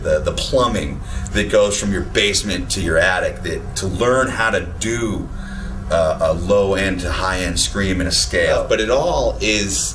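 A man singer describing his vocal training in a casual, halting interview. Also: low voice. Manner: halting, restarts while explaining. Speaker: singer giving testimonial. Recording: distant mic with noisy ambience.

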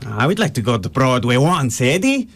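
A man's voice: medium pitch, sing-song, moderate pace, fairly bright tone. A man playing a dreamy young Italian immigrant. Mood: wistful.

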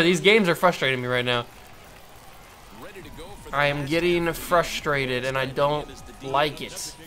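Bright-voiced man narrating his own gameplay. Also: fairly high pitch, a little slow, long pauses. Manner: talks to himself, prone to frustrated outbursts. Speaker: gamer. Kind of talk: casual gameplay commentary.

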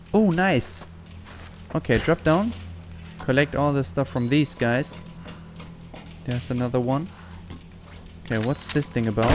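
A man's voice: a little high, big pitch swings, measured pace, pauses often, a little hiss or hum. A man giving let's-play commentary, frustrated and swearing often. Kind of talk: gaming commentary.

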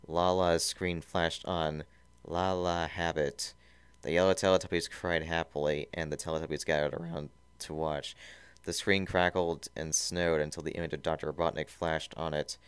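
A man reads fan fiction aloud in a mock-serious tone, tripping over a word now and then. His voice is very low and very clear. It sits close on the mic, dry with no room. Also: dry recording. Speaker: story reader.

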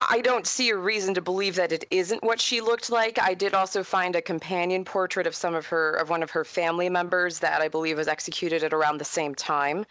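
A woman, speaking as an author and historian in a casual interview. Her voice sits a little low, and she talks in a chatty, animated way. The sound is dry and close, with no room echo. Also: fairly quick, hardly any pauses. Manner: chatty, animated storyteller with frequent laughs.

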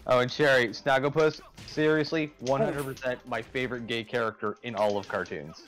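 A man's voice: medium pitch, steady tone, moderate pace, a bit bright, faint music behind. A man with a nasal, slightly lispy voice, co-hosting a game stream with crude, sarcastic jokes. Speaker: stream co-host. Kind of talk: casual gaming chat.

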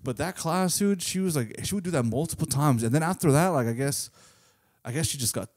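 A man's voice: fairly high pitch, lively intonation, a little fast, darkish tone. A young adult man co-hosting a podcast, rambling through crude memories in loose, casual talk with swearing. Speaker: podcast co-host. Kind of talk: casual comedic storytelling.

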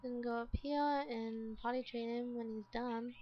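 A woman's voice: on the high side, steady tone, measured pace, muffled recording, a little hiss or hum. A woman giving casual gameplay commentary as a let's play host, exasperated and talking to the game characters.

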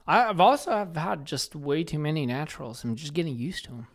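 Dude on a podcast, a bit high-pitched, waffles around and drifts quiet. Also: male voice, brisk. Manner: hesitant, laughing, trails off quietly. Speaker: podcast co-host. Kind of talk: casual podcast chat.

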